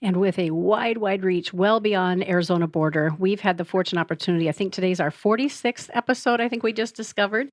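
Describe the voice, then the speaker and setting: A woman's voice: mid-range voice, brisk, few pauses, no echo, clean studio sound. A woman co-hosting a podcast panel interview, giving upbeat, formal introductions. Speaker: podcast co-host and producer.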